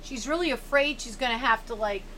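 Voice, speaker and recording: A woman's voice: fairly high pitch, brisk, bright, forceful tone, slight background noise. A woman reading a middle-grade novel aloud. She stops now and then to explain and sum up, and she lifts her voice for the characters' lines.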